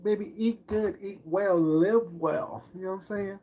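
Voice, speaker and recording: A man's voice: sits high, measured pace, warm tone. A middle-aged man in a casual live-stream chat as a food vlogger, talking in a sassy, boastful, flamboyant way.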